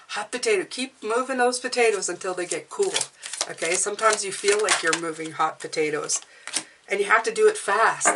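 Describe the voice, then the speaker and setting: A woman doing a casual tarot reading to camera, animated, repeating words and talking straight to the viewer. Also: on the low side, background noise. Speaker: tarot reader.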